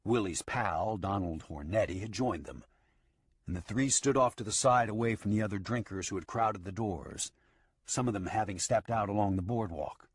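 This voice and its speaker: A man reading a western audiobook in a steady storytelling manner. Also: lowish voice, moderate pace, breathy edge, no echo. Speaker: audiobook narrator. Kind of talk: scripted western narration.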